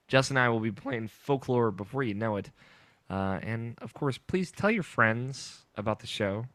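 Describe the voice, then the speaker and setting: A man's voice: medium pitch, a bit bright, no echo. A man hosting a podcast, plugging the show in an upbeat tone with many fillers while chatting over an online call. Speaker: podcast host. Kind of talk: casual chat and show plugs.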